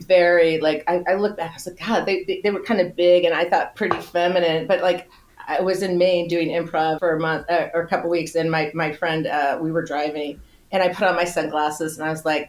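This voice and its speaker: A woman's voice: lowish voice, brisk, a little hiss or hum. A middle-aged woman guest on a casual podcast interview, telling stories with lots of laughter, exclamations and quoted voices. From United States. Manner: animated storyteller, laughs often, breaks into exclamations and quoted voices.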